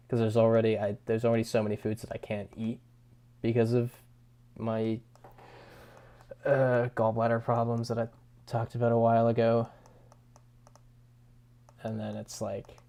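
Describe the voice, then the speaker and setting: A young man with a lowish, dark voice and vocal fry hangs out on a livestream, reading viewer comments. He's laid-back, chuckling often and repeatedly restarting what he's saying.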